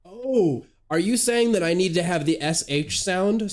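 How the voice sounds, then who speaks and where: A man's voice: high-pitched, animated, a little slow. A young man streaming sim racing late at night, chatting casually and laughing, with stumbling restarts. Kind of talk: casual live-stream chat. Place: home gaming setup, late night.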